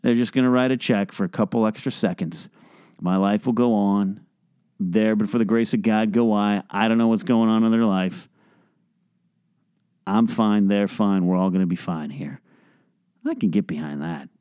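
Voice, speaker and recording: A middle-aged man hosting his own show, ranting in a sarcastic, exasperated comic monologue and mimicking beeps in a high squeal. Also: normal speed, dark tone, clear, resonant tone, no room sound, clean studio sound. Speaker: podcast host. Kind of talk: comedic solo rant. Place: home bedroom.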